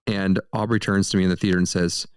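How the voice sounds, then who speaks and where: Deep-ish podcast guy joking around, dry close mic. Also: little pitch movement, racing, smooth, no room sound. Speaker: podcast co-host. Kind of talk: casual movie review chat.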